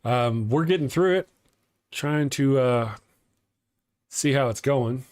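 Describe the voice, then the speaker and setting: A man's voice: mid-range voice, slow, a little mellow, no echo. A man with a Texas accent hosting a casual atheist morning livestream. He rambles, chuckles often and restarts his sentences while reading viewer comments.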